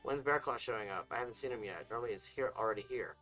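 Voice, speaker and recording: A man's voice: fairly low pitch, quick pace, sharp tone, faint music behind. A man voicing a tired, earnest young man in a read-aloud story. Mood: weary.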